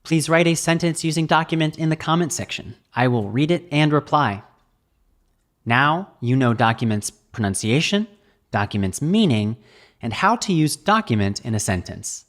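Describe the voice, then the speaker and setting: A man with an American accent reading a scripted vocabulary lesson, enunciating each word slowly and clearly. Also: fairly high pitch, animated. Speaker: English vocabulary teacher.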